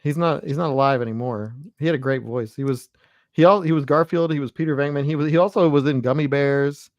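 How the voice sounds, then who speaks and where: A man's voice: on the high side, fast, no echo, highs cut off. A man co-hosting a casual live chat, full of trivia and mock complaints. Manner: trivia-minded, mock-arguing. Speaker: co-host.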